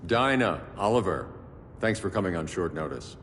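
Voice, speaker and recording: A grim vigilante a very deep, terse voice that still rises and falls a lot. It rings with a long, echoey cave reverb while music plays under it. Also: male voice, animated, normal speed, fairly bright tone, a little hiss or hum. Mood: stern. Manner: terse, gravelly commands. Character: grim, secretive male billionaire vigilante.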